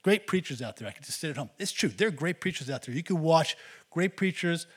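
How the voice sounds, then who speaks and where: Male pastor, husky voice, earnest exhorting sermon delivery. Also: on the high side, lively intonation, quick pace.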